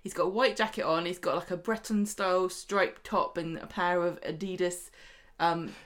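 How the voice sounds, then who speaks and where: Woman cohosting a podcast, teasing chatty banter, kinda low voice. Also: steady tone, normal speed. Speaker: podcast co-host. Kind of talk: casual chat.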